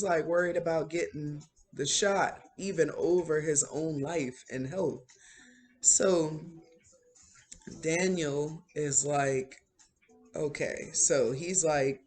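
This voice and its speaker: A woman casually retelling a movie plot, rambling with many fillers such as "like" and "um". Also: low voice. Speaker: channel host recapping a movie. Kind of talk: casual spoken movie recap.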